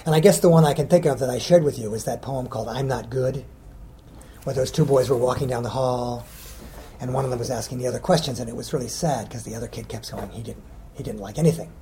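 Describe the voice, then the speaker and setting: A man's voice: medium pitch, fast, warm tone, a little hiss or hum. A middle-aged man, a children's poet, answering interview questions casually, rambling and hesitant with many ums.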